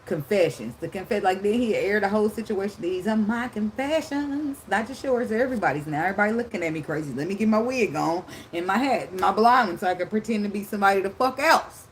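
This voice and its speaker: A woman's voice: mid-range voice, lively intonation, fast talker, hardly any pauses, a little hiss or hum, rough recording. Brash, laughing woman in her thirties. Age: 30s. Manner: loud, profane, laughing storyteller. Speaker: tarot reader. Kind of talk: casual tarot reading chat.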